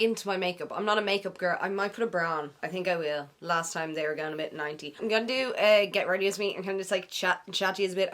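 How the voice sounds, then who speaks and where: A woman's voice: fairly low pitch, a bit bright. A young woman with an Irish accent chatting casually through a get-ready-with-me vlog in her bedroom, playful and slangy, tossing in silly made-up words. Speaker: beauty vlogger.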